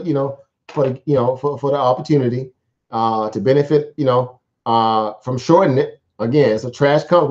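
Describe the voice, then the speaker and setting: A man's voice: mid-range voice, a little mellow, muffled recording. A man hosting a live stock market stream, talking casually in a rambling, slangy way with lots of fillers and repeats.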